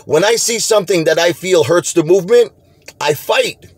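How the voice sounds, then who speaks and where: A man's voice: high-pitched, normal speed, no echo. A middle-aged man, talking straight to camera in an emphatic, repetitive rant as the host of his own video channel. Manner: animated, emphatic, repeats himself. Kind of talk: casual direct-to-camera rant.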